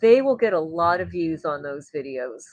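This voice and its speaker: A woman's voice: low voice, animated, moderate pace, darkish tone, no echo, low-quality recording. Chatty woman hosting a livestream. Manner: rambling, chatty, reads and answers viewer comments. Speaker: livestream host. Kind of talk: casual livestream chat.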